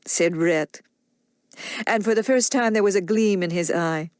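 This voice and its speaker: A woman narrating an audiobook in a measured, even storytelling manner. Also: on the low side, clean tone, no room sound, studio quality.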